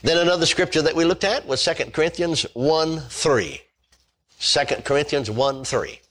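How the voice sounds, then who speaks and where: A man's voice: fairly high pitch, expressive, normal speed, fairly bright tone. A man preaching a sermon, reading scripture aloud and stressing his points with repetition and the odd hallelujah. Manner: emphatic preaching, repeats points, interjects hallelujah.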